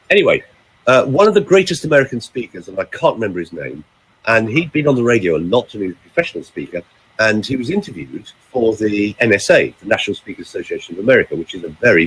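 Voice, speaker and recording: A man, a vocal coach, talking in a podcast chat and demonstrating delivery with lively emphasis. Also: fairly low pitch, slightly rough.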